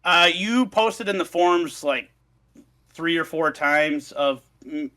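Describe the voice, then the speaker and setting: A man's voice: a little high, takes it slowly, pushed and bright. A man on a podcast, recounting a story in a swearing, ranting casual chat. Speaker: podcast co-host presenting research.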